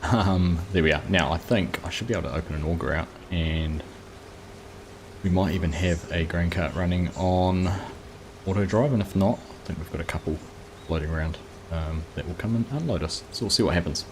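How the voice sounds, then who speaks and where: Low-voiced New man streaming games. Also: a little fast, background noise. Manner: chatty, greets viewers by name, relaxed. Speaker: streamer, host of a live farming game stream. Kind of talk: casual live-stream commentary while playing.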